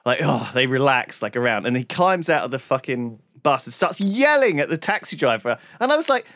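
A man's voice: medium pitch, very animated, normal speed, fairly bright tone, dry recording, studio quality. A man co-hosting a podcast, telling a long story in casual chat and swearing freely. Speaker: podcast co-host.

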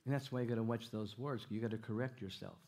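A man preaching in a church at a middle pitch, trading jokes and stories with his congregation. He talks in an animated way, often doubling his phrases and throwing questions out to the room. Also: fast. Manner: animated, jokey, repeats himself, audience call-outs. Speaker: guest preacher. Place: church sanctuary.

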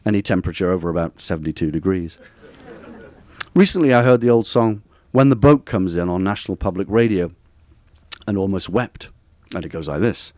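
A man with a low voice reads his own essay aloud at a bookstore event. His delivery is measured and wry, with a literary cadence. The sound is dry and close. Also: lively intonation, a little mellow, no echo. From Durham, northern England. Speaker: author reading from his book. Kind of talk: reading aloud from a personal essay.

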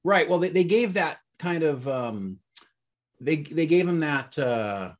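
A man's voice: on the high side, animated, slow pace. A man co-hosting a casual movie review chat, rambling and searching for words with lots of fillers. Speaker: podcast co-host.

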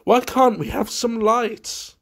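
A man voicing a nervous, self-conscious young gentleman with a facetious, jittery manner. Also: extremely high pitch, slow, voice pushed up, full character voice.

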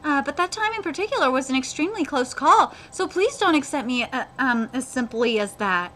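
An earnest, humble teenage swordsman boy, read aloud by a woman. The delivery is high and lively, with a bright edge. It is plain manga read-aloud rather than acting. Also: fairly quick, a little hiss or hum. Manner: reads manga dialogue aloud in her own voice.

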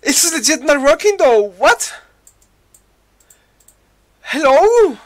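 A man streaming a game, talking to himself and his chat, exasperated, going from low muttering to sudden high yelps. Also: sing-song, slow pace, a bit bright, no echo.

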